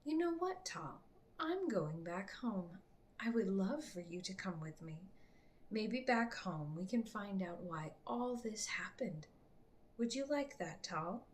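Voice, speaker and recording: A woman reading aloud and voicing a stern priestess warrior in a storybook, speaking softly and coolly, sometimes in a whisper. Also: medium pitch, expressive, slow pace. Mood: coaxing. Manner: soft, cool and hushed, at times whispered.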